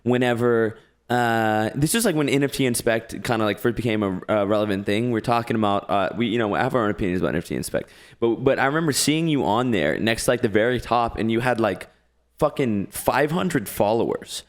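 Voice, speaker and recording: A man's voice: fairly low pitch, a little fast. A man hosting a casual podcast chat, rambling and asking questions between fillers. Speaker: podcast host.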